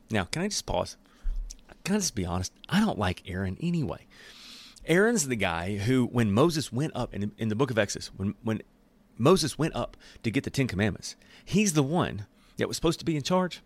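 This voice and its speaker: A man giving a casual, joking Bible teaching in an animated, conversational way. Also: lowish voice, moderate pace, no echo.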